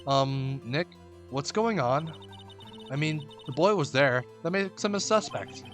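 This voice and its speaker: A man voicing an excitable young female assistant in a video game, eager and jumpy. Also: a little high, a little slow, soft background music.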